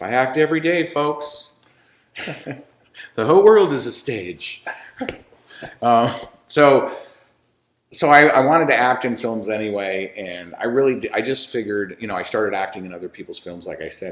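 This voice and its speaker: In a recording with a roomy echo, a man who makes films and music talks casually as an interview guest. He rambles, restarts repeatedly and laughs often, in a low, slightly bright voice.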